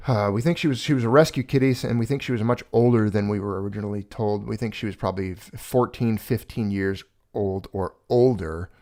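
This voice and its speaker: A man's voice: lowish voice, fairly quick, few pauses, darkish tone. Earnest rambling man on a livestream. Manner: rambling, earnest, emotional when speaking of a lost pet. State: choked up. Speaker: livestream host. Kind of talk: casual livestream talk.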